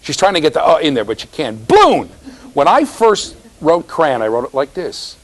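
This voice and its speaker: A man's voice: a little high, sing-song, moderate pace, poor audio. A man giving a university classroom lecture, teasing students and checking in with "right?".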